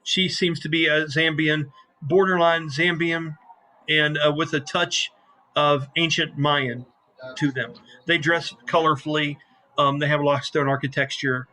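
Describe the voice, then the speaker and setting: Man, game master, casual rambling narration, bright tone, slightly high pitch. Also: steady tone, unhurried. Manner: rambling and casual, with many fillers.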